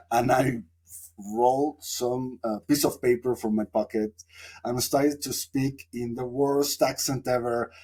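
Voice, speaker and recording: A man's voice: mid-range voice, steady tone, slow pace, a little mellow, breathy edge. A man from Mexico, a podcast guest telling a long, reflective story with lots of fillers. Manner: reflective, rambling with many fillers. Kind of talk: casual storytelling interview.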